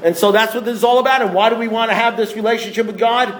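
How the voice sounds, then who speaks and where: High-voiced man preaching recovery. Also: fairly even intonation, rapid-fire, slight background noise, low-quality recording. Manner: emphatic, repetitive, full of rhetorical questions. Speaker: speaker at a recovery meeting. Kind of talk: impassioned talk to a group.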